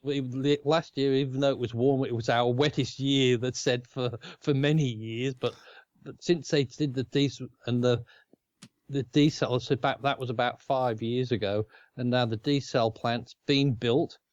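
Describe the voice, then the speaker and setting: A man's voice: mid-range voice, fairly even intonation, normal speed, no room sound, dull audio. A man with an Australian accent co-hosting a casual chat, rambling and chuckling often. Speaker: co-host.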